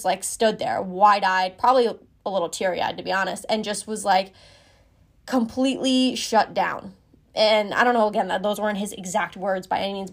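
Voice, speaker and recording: A woman in her twenties frankly telling a personal story as a podcast host, casual and swearing freely. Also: medium pitch.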